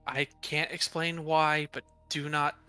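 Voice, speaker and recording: A man talks softly and unhurriedly as his character in a tabletop game, his voice on the bright, higher side. He sounds polite and careful, and faint music plays behind him. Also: level tone, clear, resonant tone, dry recording. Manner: quiet, measured, polite. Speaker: player.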